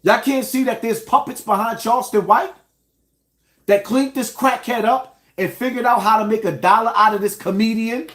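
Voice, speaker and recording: Man from New York, fairly high voice, indignant direct-to-camera commentary. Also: fairly even intonation, moderate pace, a bit bright. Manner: indignant, addresses viewers directly. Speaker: online show host. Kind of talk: commentary rant.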